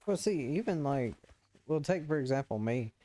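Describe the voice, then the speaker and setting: A man's voice: fairly high pitch, lively intonation, normal speed, mellow. A man chatting while gaming over voice chat, answering with dry, joking comebacks.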